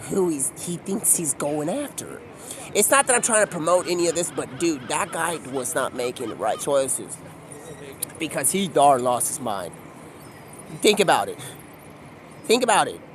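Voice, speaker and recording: A young man with a notably high voice rambles through a profane, excitable monologue, sliding from low mumbles into loud outbursts. He talks outdoors with faint city sound in the background. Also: a little hiss or hum.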